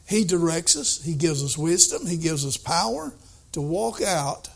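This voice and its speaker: An older man preaching a sermon, emphatic, swinging between soft asides and excited outbursts. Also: on the high side, a little slow, creaky, slightly rough.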